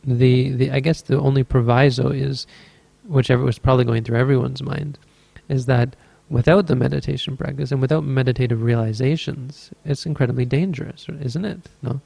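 A Buddhist meditation teacher relates a story during a dharma talk, rambling in an easygoing way and often correcting himself. His medium-pitched voice is creaky and mellow, steady and brisk with few pauses, and the recording is dry.

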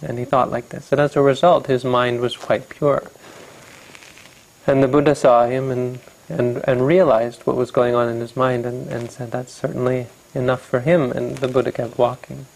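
Gravelly, halting Buddhist storyteller man. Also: mid-range voice, flat delivery, a little mellow, low-quality recording. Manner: halting, self-correcting, reflective. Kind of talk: storytelling dharma talk.

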